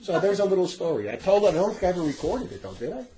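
A middle-aged man telling a story in casual chat, animated and laughing often as he acts out the people in it. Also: high-pitched, rapid-fire, crowd noise, poor audio. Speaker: storyteller in a religious talk recording.

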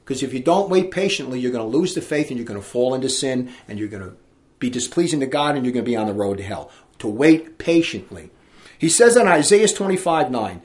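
A man's voice: on the high side, lively intonation, a little fast. A man preaching a sermon, reading scripture aloud in a fiery, emphatic way.

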